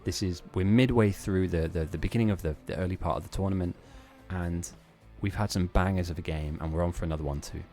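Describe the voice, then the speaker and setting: Low-voiced, rambling male streamer. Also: quick pace, few pauses, warm tone, soft background music. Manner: rambling, self-mocking, laughs often. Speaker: streamer hosting a game tournament. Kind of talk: live-stream casual commentary.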